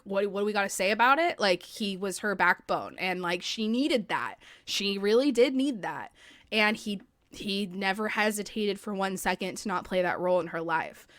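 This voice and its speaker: A woman's voice: medium pitch, fairly bright tone, smooth, no room sound, studio quality. A young adult woman hosting a podcast in casual chat, talking freely with lots of "like" and casual swearing. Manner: chatty, swears freely, heavy use of "like". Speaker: podcast host. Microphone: podcast microphone.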